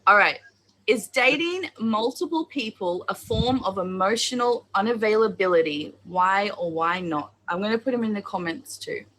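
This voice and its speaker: A woman co-hosting a live-stream chat show, calmly explaining the rules and reading out the questions. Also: medium pitch, normal speed, slight background noise, poor audio. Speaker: co-host and moderator.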